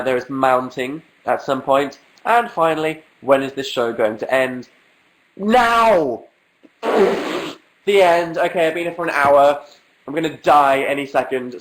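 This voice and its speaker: A man's voice: mid-range voice, rough recording. Young man with a cold, dry and sarcastic. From England. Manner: dry, self-mocking and sarcastic. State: has a cold, sniffling. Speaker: livestream host answering viewer questions. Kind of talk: casual livestream chat.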